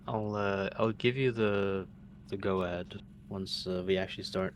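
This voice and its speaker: A man running a game training session over voice chat, explaining tactics in a measured way. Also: low voice, steady tone, slight background noise. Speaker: training organizer giving instructions. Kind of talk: casual voice chat during a game.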